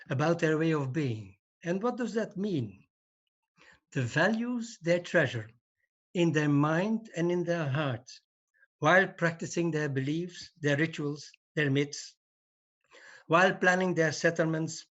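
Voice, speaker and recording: An older man delivers a formal conference address over a video call. He speaks slowly and deliberately, leaning on each point. The audio is dull and lo-fi. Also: on the high side, a bit bright. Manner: measured, deliberate.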